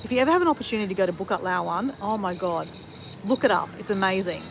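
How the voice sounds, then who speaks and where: A woman of fifty talks loosely to her livestream viewers, rambling from one travel story to the next and swearing freely. Her voice sits in a middling pitch. A faint hiss of noise runs underneath. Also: expressive, rapid-fire, gravelly. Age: 50s. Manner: chatty, rambling, with frequent swearing and fillers. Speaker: travel vlogger. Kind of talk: casual livestream chat answering viewers.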